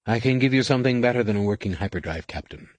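A man's voice: medium pitch, expressive, quick pace, dry recording, pitched above the performer's own voice, natural voice. A man voicing a blunt female feline alien crewwoman on a starship in an audiobook, with clipped reports. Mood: reporting.

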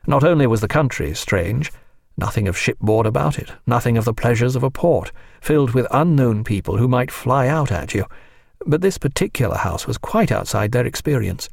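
A man narrating a novel in a measured, even audiobook reading. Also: medium pitch, creaky, no room sound, studio quality. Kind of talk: scripted narration.

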